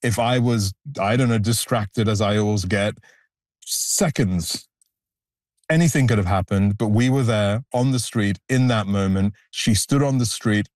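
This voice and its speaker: A man with a fairly low voice speaks earnestly as a guest, reflective and emphatic, recorded close in a dry studio. He sounds like someone talking through his own story. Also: a little slow, a little mellow, no echo. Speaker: photographer, guest. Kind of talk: conversational interview answers.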